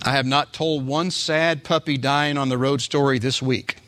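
Bright-voiced male preacher. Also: mid-range voice, steady tone, moderate pace. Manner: conversational preaching with rhetorical asides. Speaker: pastor. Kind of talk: sermon.

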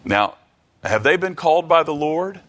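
A man preaching a Bible study sermon, halting and restarting, reading scripture aloud and asking the listeners many rhetorical questions. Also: a little high, big pitch swings, a bit bright. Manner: reads King James scripture aloud.

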